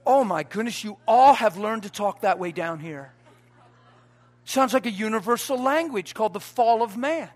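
A man preaching a sermon to a congregation, swinging from quiet asides to loud emphatic points, folksy and joking. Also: very high voice. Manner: folksy, joking, quotes everyday sayings.

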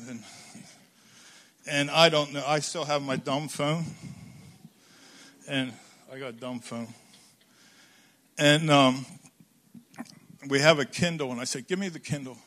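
An older male preacher with a slightly higher voice tells a story from the pulpit. He acts out quoted dialogue, rising to loud bursts and then dropping to quiet asides. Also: measured pace, pauses often. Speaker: pastor. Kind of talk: sermon.

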